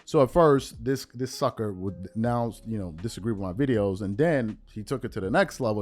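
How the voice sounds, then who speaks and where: A man's voice: on the low side, animated, moderate pace, hardly any pauses, a little mellow. A man from the United States with a Bronx accent, hosting a heated commentary monologue, emphatic and repetitive, rising to indignant outbursts. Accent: New York (Bronx). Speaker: show host.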